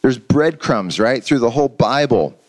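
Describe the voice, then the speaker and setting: A man's voice: medium pitch, animated, moderate pace, rough recording. Earnest conversational male preacher. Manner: conversational, earnest, with frequent restarts and rhetorical questions. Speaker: pastor. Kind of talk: sermon.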